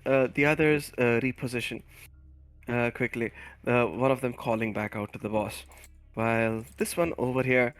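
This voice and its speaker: A man running a tabletop game online, narrating with many pauses and fillers. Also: medium pitch. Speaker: game master.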